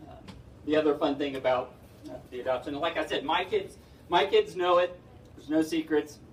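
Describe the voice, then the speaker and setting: A man's voice: a little high, fairly even intonation, moderate pace, a little hiss or hum. Middle-aged man, stand-up comedian, chatty, self-deprecating, distant echoey hall. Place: indoor event hall.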